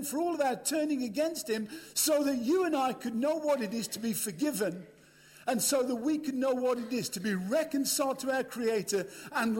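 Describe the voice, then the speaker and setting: A man's voice: extremely high pitch, darkish tone. An older British man preaching a storytelling sermon, chatty and humorous, talking straight to a live audience. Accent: British English. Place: large hall with a live audience. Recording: echoey hall.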